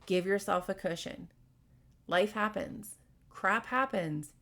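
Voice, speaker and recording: A woman's voice: medium pitch, slow pace, gravelly, a bit bright. A woman hosting a podcast, giving frank, casual workplace advice with plenty of fillers. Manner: frank, conversational, with many fillers. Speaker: podcast host.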